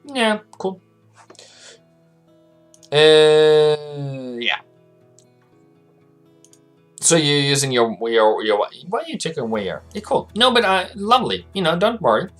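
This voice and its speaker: A man's voice: a little high, big pitch swings, takes it slowly, long pauses, fairly bright tone, soft background music. A man hosting a casual live stream about trading, chatting loosely and reading viewer messages aloud. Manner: rambling and chatty, reads viewer chat aloud. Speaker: livestream host, forex trading analyst.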